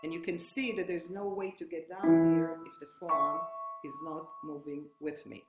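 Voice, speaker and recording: A woman piano teacher explaining technique while she demonstrates at the keyboard, with halting restarts. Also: sits low, flat delivery. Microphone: online workshop, single room mic. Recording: roomy sound with loud piano playing. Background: piano playing.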